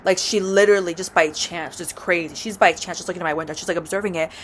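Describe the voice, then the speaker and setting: A woman's voice: on the low side, steady tone, fast talker, slight background noise. A young adult woman telling a personal story in a casual, rambling way, full of fillers and swearing. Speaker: vlogger.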